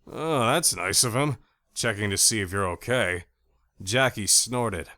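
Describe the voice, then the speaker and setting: A male audiobook narrator reading in the first person, with a low voice and a lively, animated delivery. The recording is close and dry. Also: measured pace, no echo. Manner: expressive, animated character reading.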